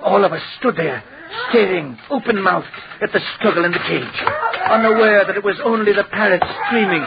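An actor playing a scheming dollmaker who recounts events to a judge with dramatic storytelling in an old-time radio drama. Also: male voice, high-pitched, moderate pace. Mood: telling. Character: scheming male dollmaker testifying in court. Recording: hissy lo-fi old radio recording.

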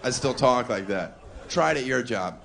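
A man's voice: mid-range voice, lively intonation, moderate pace, gravelly. A man performing a stand-up comedy set on a club stage, brash and provocative, mocking his audience. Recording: live club with crowd laughter and noise.

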